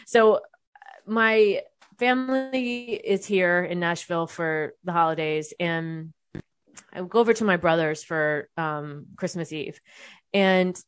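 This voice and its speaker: Young woman ranting a personal story to camera, low voice, swears a lot, keeps restarting, dry close sound. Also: no room sound. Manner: candid, swears casually, many restarts. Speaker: vlogger.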